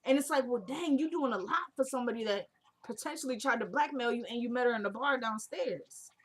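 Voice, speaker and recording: Animated young woman recapping a TV drama. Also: on the high side, fairly quick. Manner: animated retelling, acts out characters' lines with voice shifts. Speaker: TV recap vlogger. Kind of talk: casual recap chat.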